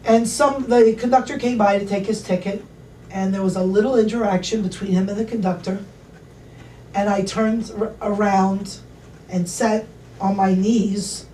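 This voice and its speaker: A woman telling a travel anecdote to an audience in a lively, chatty way. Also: mid-range voice, recorded from a distance, a little hiss or hum. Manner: animated, chatty anecdotal storytelling. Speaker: travel expert speaker. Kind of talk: casual storytelling to an audience. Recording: echoey room, voice from off mic, faint ambience.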